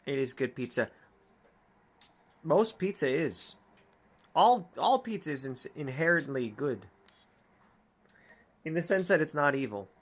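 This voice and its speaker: Reading a dating game's dialogue aloud, a young woman streamer jokes, swears and goofs around in relaxed let's-play commentary. She has a deep, expressive voice, an unhurried delivery and long pauses.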